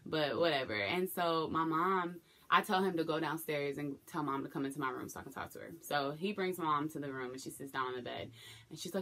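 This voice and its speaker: A woman's voice: deep voice, a little fast, pushed and bright. A young woman telling a personal story to the camera, candid and emotional, acting out what people said. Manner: candid, emotional retelling with acted quotes. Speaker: vlogger.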